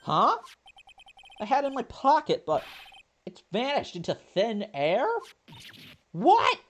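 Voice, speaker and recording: A let's play narrator voicing an excitable young female sidekick in a game. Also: medium pitch, slow pace, slight background noise, pitched above the performer's own voice. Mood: alarmed.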